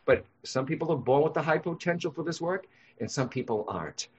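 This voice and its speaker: Husky-voiced man telling stories. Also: a little high, fairly quick. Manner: animated, acts out voices in anecdotes. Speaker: guest, psychic medium. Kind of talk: storytelling in a podcast interview. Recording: dull lo-fi sound.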